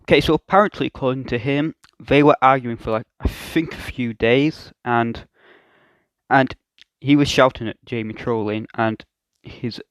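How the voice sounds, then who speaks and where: A young man comments on clips in a self-mocking, halting way. His voice sits at a middle pitch, and the recording is dry and close. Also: no room sound, rough recording. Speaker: YouTube reaction host. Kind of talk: reaction commentary.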